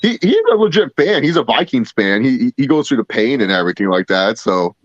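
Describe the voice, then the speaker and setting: Animated laughing man telling a story. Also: mid-range voice, a little fast, no echo, dull audio. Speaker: podcast co-host. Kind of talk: casual sports chat.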